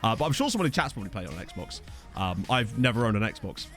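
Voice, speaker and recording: Lively, rambling man streaming a game. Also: fairly low pitch, fast talker, faint music behind. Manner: chatty, rambling, thanks viewers, jokey. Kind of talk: casual live-stream chat over a game. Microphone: desk condenser microphone.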